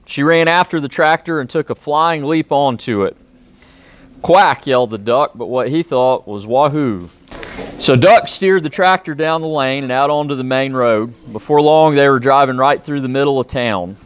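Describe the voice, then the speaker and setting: A man's voice: medium pitch, normal speed, smooth. Man, police officer, reads a storybook aloud to kids, friendly and plain, mid-range voice. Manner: friendly, plain-spoken, chatty asides to kids. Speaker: police officer reading to children. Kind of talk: children's storybook read-aloud.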